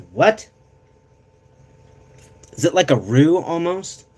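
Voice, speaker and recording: A man's voice: on the high side, expressive, very slow, darkish tone. A man chatting casually on a live stream, rambling and swearing as he reads chat aloud, with bouts of coughing.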